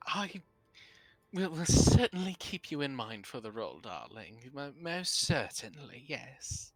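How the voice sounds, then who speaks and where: A man's voice: mid-range voice, sing-song, a little slow, no room sound, faint music behind, voice pushed up. Man doing a flamboyant stammering charmer. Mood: theatrical. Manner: stammering, theatrical.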